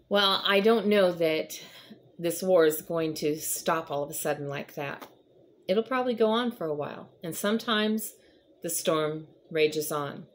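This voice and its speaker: Woman host, casual faith chat, slightly low voice, earnest, lots of fillers. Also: a little slow, pauses often, slight background noise. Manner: conversational, rambling with frequent fillers; earnest, encouraging. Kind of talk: casual devotional talk.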